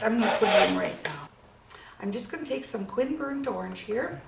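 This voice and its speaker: In an echoey room with some faint background noise, a woman with a mid-range voice and vocal fry teaches a watercolor lesson. She chats eagerly while she paints through the demonstration.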